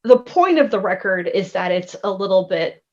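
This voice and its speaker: A woman's voice: mid-range voice, expressive, normal speed, highs cut off. A woman giving her take in casual podcast chat, rambling with many fillers. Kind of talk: casual album discussion.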